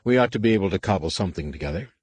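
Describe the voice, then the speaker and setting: A man's voice: deep voice, lively intonation, rapid-fire, a little mellow, slightly rough, no room sound. A man voicing a stern, commanding teenage male Jedi who speaks in a firm, clipped way.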